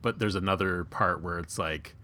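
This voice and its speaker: A man co-hosting a podcast in casual chat, loose and quick to laugh. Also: low voice, bright, forceful tone, slight background noise. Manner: laughs often, loose and conversational. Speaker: podcast co-host.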